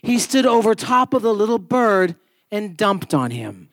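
High-voiced lively male preacher. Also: a little slow, dry recording, clean studio sound. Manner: lively, humorous storytelling with sudden rises in pitch and volume. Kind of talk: sermon with storytelling. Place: church.

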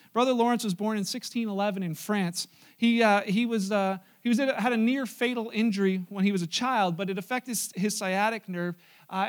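A male pastor speaks to his congregation in an easygoing, talkative sermon. His voice sits notably high for a man. He moves between earnest teaching and lighthearted stories. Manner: conversational preaching with asides and humor.

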